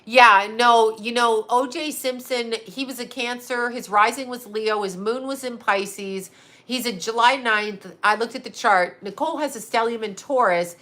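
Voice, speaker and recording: A woman's voice: on the high side, moderate pace, sharp tone. A middle-aged woman, a psychic medium, talking in a loose, rambling way, swearing often and repeating herself for emphasis. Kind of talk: casual rambling monologue.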